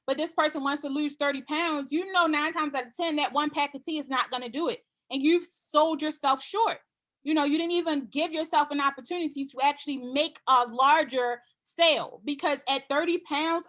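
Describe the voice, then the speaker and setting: A woman's voice: high-pitched, fairly even intonation, fairly quick, fairly bright tone. A woman giving a casual sales training talk to her team, confident and repetitive, acting out customer conversations.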